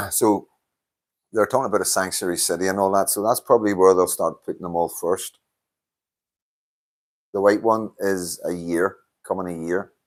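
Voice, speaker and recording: Northern Irish man, deep voice, hosting a casual live stream; blunt, swears freely, quick to laugh. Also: steady tone, bright, forceful tone. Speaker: livestream host reading chat.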